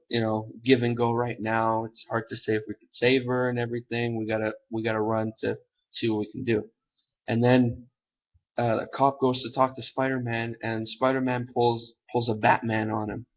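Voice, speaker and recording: A man's voice: mid-range voice, dull audio. A man casually retelling a comic book plot in a rambling way, full of fillers and loose asides. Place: at home.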